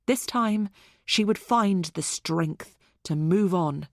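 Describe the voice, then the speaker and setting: Dry, measured woman audiobook narrator. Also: on the low side, no room sound. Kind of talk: scripted narration.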